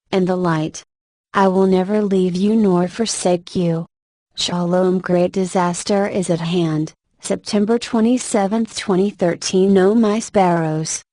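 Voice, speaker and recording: A woman reading prophetic religious messages aloud in a slow, measured, even devotional manner. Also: on the low side, no room sound.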